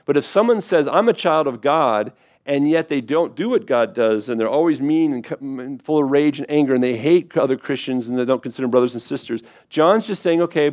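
A man preaching a sermon as pastor, speaking casually, asking his listeners questions and slowing down when reading scripture aloud. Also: mid-range voice, a little mellow. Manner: conversational preaching, asks the congregation questions; slows down to read scripture aloud.

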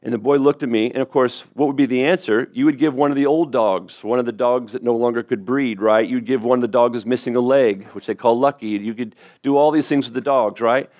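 A middle-aged man preaching a sermon as pastor, telling a story in a conversational way with quick asides and restarts. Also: mid-range voice, fairly even intonation, darkish tone.

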